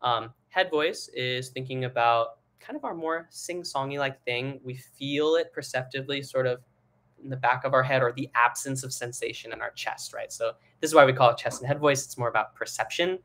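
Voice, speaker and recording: Young male singing coach, mid pitch, relaxed rambling delivery with fillers. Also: normal speed. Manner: relaxed, rambling explanations with many fillers, breaks into sung and head-voice demos. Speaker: singing teacher. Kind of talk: live online singing lesson.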